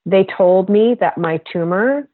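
A woman health practitioner telling a heartfelt story about a patient in a gentle, earnest way. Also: medium pitch, no echo. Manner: slow, gentle and earnest, emotional at times. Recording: tinny phone-like line, dry.

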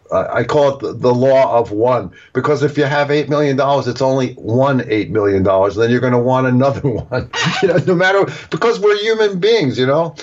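A man being interviewed as an author, explaining at length and acting out little example quotes as he goes. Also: mid-range voice. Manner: digressive, explaining with acted-out examples. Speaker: author and guest. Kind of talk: casual interview talk. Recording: dull lo-fi audio.

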